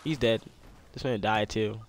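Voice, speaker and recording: A young man, commenting on his own gameplay casually, excitable, repeating himself and yelping when attacked. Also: lowish voice, a little slow, slight background noise. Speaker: gameplay streamer.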